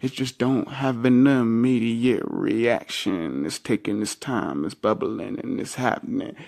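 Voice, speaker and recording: A man's voice: mid-range voice, a little slow, gravelly, darkish tone. A man ranting into the camera in a rambling, slangy monologue, swearing freely and quoting himself with "I'm all like". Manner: slangy, rambling, jumps from topic to topic; keeps quoting himself with "I'm all like", voice jumping up when he does.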